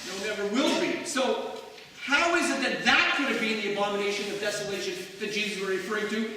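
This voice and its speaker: This Canadian preacher delivers his sermon fairly quickly in a high, bright, forceful voice. He keeps the tone conversational, throwing rhetorical asides to the people in the church sanctuary. The echoey hall recording is captured from far away and carries a little hiss or hum.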